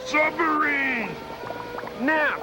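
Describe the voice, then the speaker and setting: A high, shouty baby monster in a storybook, stubborn and wild, yelling choppy little phrases slow and stretched out, with soft music behind. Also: male voice, full character voice. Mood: stubborn, shouting. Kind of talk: storybook character voice.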